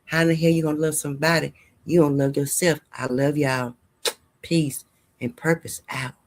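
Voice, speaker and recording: Low-sitting and steady, this woman's voice moves at a moderate pace. She hosts a gossip and news channel, talking straight to her audience in a chatty, rambling vlog and sharing sincere advice about life.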